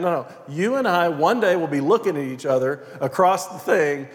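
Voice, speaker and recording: Preaching man with a fairly high voice in a reverberant hall. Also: animated, normal speed, hardly any pauses. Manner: emphatic preaching, reading scripture aloud, dropping to quiet prayer. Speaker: pastor. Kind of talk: sermon. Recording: long reverb of a large hall.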